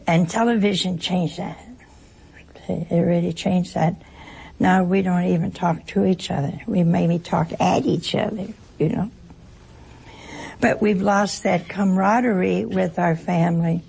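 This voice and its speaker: Brief: gravelly woman with a very husky voice, folksy anecdotal speaker who plays out little dialogues. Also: on the low side, a little mellow, poor audio. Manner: folksy, joking storyteller; acts out short exchanges in other voices. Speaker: speaker addressing an audience. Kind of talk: informal spoken talk with anecdotes.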